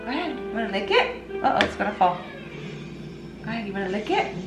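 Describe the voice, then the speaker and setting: Mom coaching toddlers in a roomy kitchen. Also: female voice, mid-range voice, very animated, over loud music. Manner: coaxing, quick instructions, laughing. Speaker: vlogger mom of twins. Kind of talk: casual chat with her toddlers while baking. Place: home kitchen.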